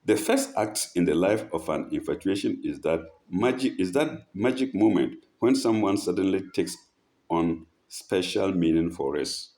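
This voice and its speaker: A man's voice: low voice, expressive, normal speed, warm tone. A man teaching from a text, reading a passage aloud, repeating phrases and stopping to explain them. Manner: breaks off to mimic speakers in a raised voice. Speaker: religious teacher.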